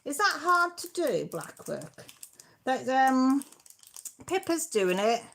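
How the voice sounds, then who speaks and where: A woman's voice: high voice, sing-song, slow, gravelly. A woman hosting a casual live-stream craft chat from home, chatty and emotional, close to tears as she thanks viewers. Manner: chatty, warm-hearted, emotional and teary. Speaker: craft channel host.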